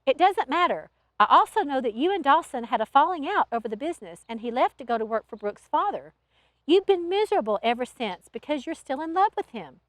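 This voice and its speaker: Sincere and apologetic, a young Southern angel in training pleads her case in a woman storyteller's performance. The high voice takes big pitch swings through each line and moves a little fast. It's a close, dry recording.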